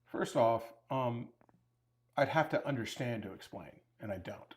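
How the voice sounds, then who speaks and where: A man's voice: medium pitch, expressive, measured pace. A man co-hosting a casual livestream, cursing freely and ranting with comic exaggeration. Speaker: livestream co-host.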